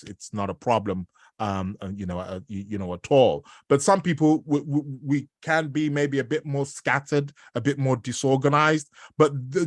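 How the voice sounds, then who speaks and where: A man of middle pitch talks loosely through a podcast episode as its host, circling back with lots of ums and restarts. The sound is close and dry, with no room echo. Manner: rambling, many fillers and restarts. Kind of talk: casual spoken commentary.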